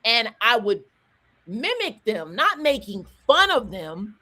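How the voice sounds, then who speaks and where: Speaking in a slightly high voice, a forties-aged rapper from Atlanta chats as an interview guest in a casual setting. Despite her Southern roots, her accent sounds neutral, and her lively stories come out in fast bursts laced with restarts and asides.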